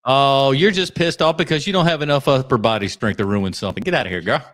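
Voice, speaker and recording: A man's voice: mid-range voice, lively intonation, fast talker, hardly any pauses, fairly bright tone. A man hosting a podcast, riffing sarcastically and swearing as he reacts live to video clips. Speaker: podcast host.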